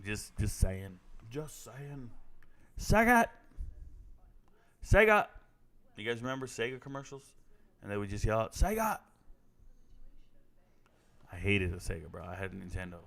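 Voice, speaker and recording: A man's voice: mid-range voice, vocal fry, fairly bright tone. A man reacting live to fight night in casual stream chat, joking, rambling and reading viewer comments aloud.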